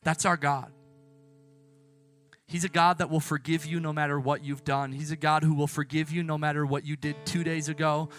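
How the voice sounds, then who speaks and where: A man preaching a sermon as a youth pastor and closing in prayer. His delivery is impassioned, swinging from soft hushed lines to loud emphatic ones, with casual self-correcting asides. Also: a little high, little pitch movement, moderate pace, soft background music.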